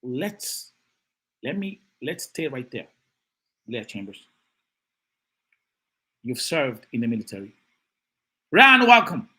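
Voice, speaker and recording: A man hosting a live-stream of political commentary, animated and emphatic, who repeats phrases and greets and reads out chat comments. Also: mid-range voice, slow, pauses often, slightly rough.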